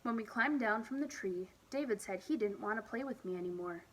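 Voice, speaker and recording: A woman reading a children's picture book aloud at storytime, with expressive, lively emphasis. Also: mid-range voice, brisk, slight background noise, low-quality recording. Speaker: storytime reader.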